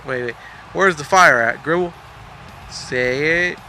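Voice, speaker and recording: A man's voice: on the high side, takes it slowly, bright, forceful tone, slight background noise. A young man casually commentating a wrestling video game, rambling, joking and swearing, a bit sleepy. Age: young adult. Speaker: gameplay commentator.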